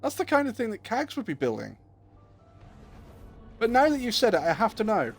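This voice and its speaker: A man's voice: sits high, wildly swooping pitch, moderate pace, faint music behind. A young man chatting casually and joking with his viewers while streaming a game. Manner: chatty, joking, talks to chat. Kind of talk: casual gameplay chat.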